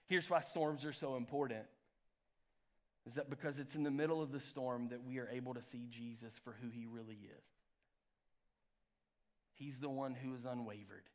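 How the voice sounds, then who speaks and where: A man's voice: fairly even intonation, moderate pace, long pauses. Impassioned male pastor preaching. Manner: impassioned, swinging from loud peaks to quiet lows. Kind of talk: live church sermon. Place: church sanctuary.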